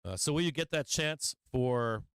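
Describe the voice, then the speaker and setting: A middle-aged man hosting a live market show, ranting in a swearing, animated way, acting out little scenes and tagging his lines with "right?". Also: mid-range voice, moderate pace, clear, resonant tone, dry recording. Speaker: stock market show host. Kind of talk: profane livestream market rant.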